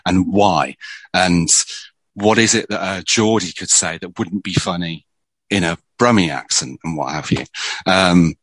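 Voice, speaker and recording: A man's voice: deep voice, a little slow, fairly bright tone, no room sound, low-quality recording. A man, a screenwriter, telling stories in casual conversation with many restarts. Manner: chatty storyteller, many restarts. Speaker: screenwriter guest.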